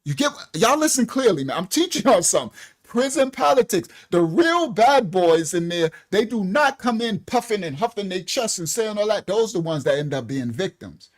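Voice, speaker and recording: A man's voice: high-pitched, moderate pace. A man hosting a ministry channel, teaching viewers in a casual, colloquial monologue and often asking "right?". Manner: animated, repeats "right?" and "listen clearly", colloquial.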